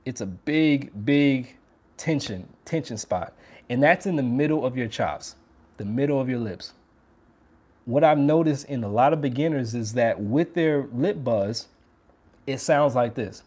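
A man's voice: medium pitch, lively intonation, measured pace, darkish tone, slightly rough. A man giving a casual trumpet lesson, talking straight to viewers in an upbeat, hands-on way. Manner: upbeat, demonstrates by putting on strained voices. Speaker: trumpet teacher.

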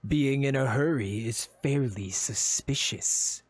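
A man voicing a suspicious young guard in a low, forced gruff voice, stern and formal. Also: slow pace, no room sound.

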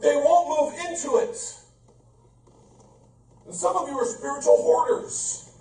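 A man's voice: extremely high pitch, steady tone, measured pace, darkish tone. A male pastor preaching a fervent, emphatic sermon full of rhetorical questions and humorous asides. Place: church sanctuary, indoors. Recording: echoey church from far off, faint room noise.

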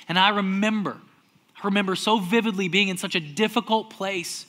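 Animated high-voiced male pastor preaching. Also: brisk. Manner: animated, swings from loud acted-out outbursts to hushed near-whispers. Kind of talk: sermon.

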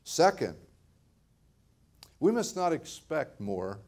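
Older pastor preaching casually. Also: male voice, on the high side, very animated, slow pace, gravelly, darkish tone. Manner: conversational, repeats words, laughs often. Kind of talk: sermon.

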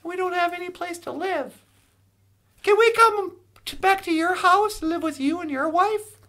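Brief: cheerful rambling male frog puppet, high and gravelly, telling a joke. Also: animated, moderate pace, sharp tone, full character voice. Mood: joking. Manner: rambling storyteller with restarts and asides. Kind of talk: comedic call-in impression.

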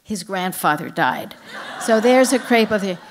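An older woman tells humorous stories from her life with lively, anecdotal timing. She speaks as a guest author at a live book event. Her voice sits at an ordinary middle pitch. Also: a little slow, a little hiss or hum. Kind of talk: storytelling on stage.

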